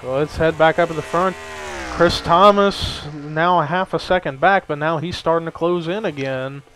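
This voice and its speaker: A young man giving amateur play-by-play commentary on a simulated race, steady and given to hedging. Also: on the high side, moderate pace, soft background music, rough recording. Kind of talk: amateur sim-racing commentary.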